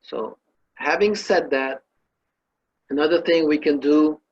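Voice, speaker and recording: A man's voice: on the high side, takes it slowly, breathy edge, lo-fi sound. A man giving an emphatic spiritual talk, telling a parable and listing emotions with rising force. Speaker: spiritual teacher.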